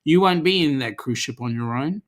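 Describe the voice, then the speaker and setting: A man's voice: on the high side, expressive, a little fast. An Australian man hosting a casual livestream, reading viewer comments aloud in a chatty, easygoing way with lots of ums. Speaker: livestream host.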